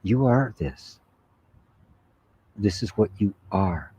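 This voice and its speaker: A man giving a spiritual satsang talk, reflective and unhurried, often asking "right?" and laughing softly. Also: on the low side, expressive, slightly rough, dry recording. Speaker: spiritual teacher. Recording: dull lo-fi sound.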